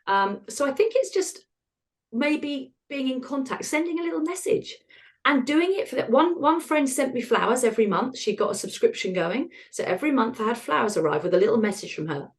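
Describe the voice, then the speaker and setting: A woman, a podcast guest talking frankly about hard times, laughing at the dark parts. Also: sits high, expressive, fairly quick. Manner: frank and self-deprecating, laughs at dark moments. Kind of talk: candid conversational storytelling.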